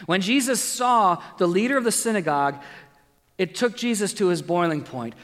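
A man's voice: high voice, animated, normal speed, a bit bright, big-room sound. A man preaching a sermon as pastor, reading scripture dramatically and adding light jokes.

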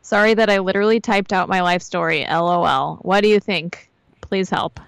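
A woman's voice: mid-range voice, fairly even intonation, moderate pace, vocal fry, smooth, dry recording. Woman co-host reading a listener letter. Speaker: podcast co-host. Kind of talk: casual chat and reading a letter aloud.

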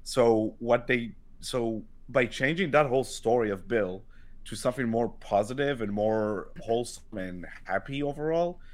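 A man co-hosting a podcast, thinking out loud in a rambling, casual way. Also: medium pitch, moderate pace. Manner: rambling, thoughtful, lots of fillers. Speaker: podcast co-host.

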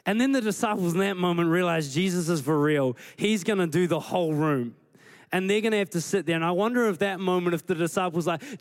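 A man preaching a sermon as pastor, retelling scripture with lively acted-out dialogue. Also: high-pitched, quick pace. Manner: animated storytelling, acting out scripture scenes.

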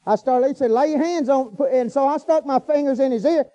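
High-voiced folksy preacher man. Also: brisk, dark tone, lo-fi sound. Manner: folksy, hollering hallelujahs, colloquial grammar. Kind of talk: storytelling sermon.

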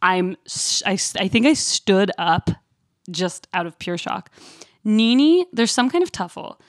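A woman co-hosting a podcast in casual chat, animated and acting out quotes in a high voice. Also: a little slow, no room sound, studio quality. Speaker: podcast co-host.

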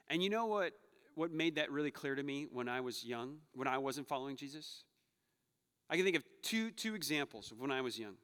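Um jovem pastor pregando um sermão, contando histórias com humor e exortando a congregação com ênfase crescente. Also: male voice, mid-range voice, clean tone. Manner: storytelling, joking, rising to loud urging. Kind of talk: sermon. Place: church sanctuary. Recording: long hall reverb.

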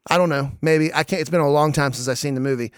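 A man hosting a casual movie podcast, excitable, laughing often and stumbling over repeated words. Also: fairly high pitch, quick pace, smooth, no room sound, clean studio sound. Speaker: podcast host.

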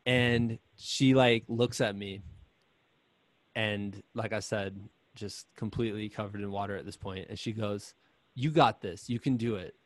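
A man's voice: lowish voice, a little slow. Chatty man telling a running story. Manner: chatty, animated, lots of "like". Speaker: podcast guest, runner. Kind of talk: casual storytelling.

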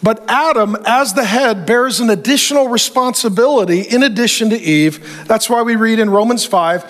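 A middle-aged male pastor preaching with a high, ringing voice. He drives his points home with punchy repeated phrases and slips in dry humor. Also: normal speed. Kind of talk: sermon.

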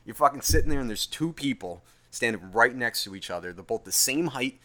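A man's voice: medium pitch, expressive, brisk, a bit bright. A young man ranting in a profane, rambling, self-mocking monologue, tired after a long day. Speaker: podcast host.

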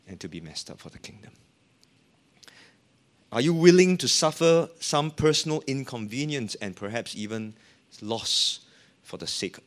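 A man's voice: mid-range voice, fairly bright tone. A man preaching a sermon as a pastor, with an emphatic, rising and falling delivery.

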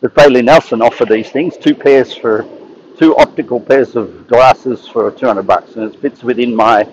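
A man's voice: medium pitch, normal speed, lo-fi sound, slight background noise. A man telling stories in a casual monologue, rambling and often repeating and restarting his words. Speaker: speaker sharing advice.

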